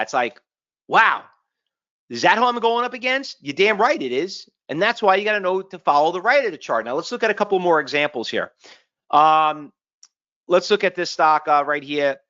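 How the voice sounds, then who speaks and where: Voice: medium pitch, fairly bright tone, lo-fi sound. A trading educator giving a live webinar presentation. They walk through charts in a punchy, street-smart way, firing rhetorical questions and tagging lines with "okay?".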